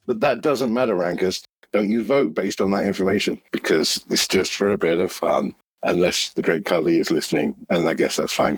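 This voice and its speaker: A man co-hosting a podcast, telling sweary, animated stories in casual chat. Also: low voice, a little fast, few pauses, husky, no echo, faint music behind. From Britain. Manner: sweary, animated storytelling with bursts of laughter. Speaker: podcast co-host.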